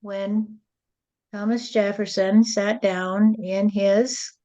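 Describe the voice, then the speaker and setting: A woman speaking as a spirit medium in a channeled spiritual address, with a slow, rhyming, sing-song preaching delivery. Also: medium pitch, fairly even intonation, warm tone, lo-fi sound.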